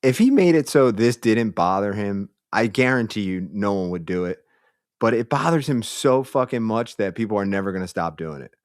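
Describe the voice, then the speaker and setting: A man's voice: fairly low pitch, animated, moderate pace, dry recording, clean studio sound. A man hosting a commentary show, mocking clips in a crude, insulting, blunt way.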